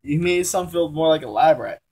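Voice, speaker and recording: A man's voice: on the high side, expressive, brisk, darkish tone. A young man casually reviewing a comic book at home, rambling and often correcting himself as he talks in loose slang. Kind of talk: casual chat. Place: room at home during a move.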